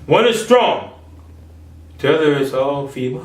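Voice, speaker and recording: A man preaches with passion, lurching between loud declarations and hushed asides. His voice sits somewhat high. It is recorded from a distance in an echoey room. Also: very animated, measured pace, pauses often, slight background noise. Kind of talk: sermon. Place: home office.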